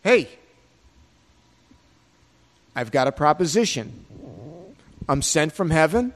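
A man voicing the heavenly mother as she pleads for helpers, in a plain conversational way, heard in a long-reverb hall. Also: a little high. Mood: inviting.

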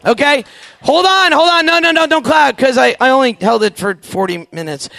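Man in his 40s, very high voice, bright and sharp, comic camp storyteller, animated, dry close sound. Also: fairly quick, creaky, no echo. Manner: animated, acts out voices, punchy asides to the crowd. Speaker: youth camp speaker. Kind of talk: comedic storytelling to a live audience.

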